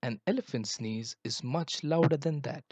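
A man's voice: mid-range voice, moderate pace, a little mellow, a little hiss or hum, close to an everyday voice. A man voicing a small, know-it-all male porcupine in a children's story. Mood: boastful.

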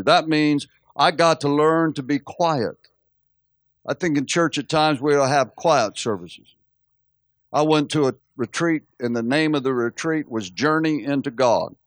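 Pastor guy preaching, tells funny stories, kinda high voice, dry room. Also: dry recording. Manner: storytelling, animated, acts out quotes with laughs. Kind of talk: sermon.

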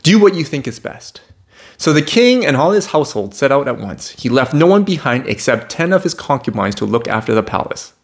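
A man's voice: medium pitch, a little fast, hardly any pauses. A man teaching a Bible lesson, reading passages aloud and breaking in with wry, conversational remarks. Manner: animated, wry, conversational asides. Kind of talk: reading scripture with casual commentary.

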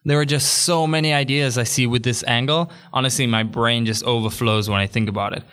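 A man's voice: medium pitch, steady tone, a little fast, a bit bright, smooth. Upbeat chatty male podcast host. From England. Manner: upbeat, chatty, jokey asides. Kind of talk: solo podcast monologue.

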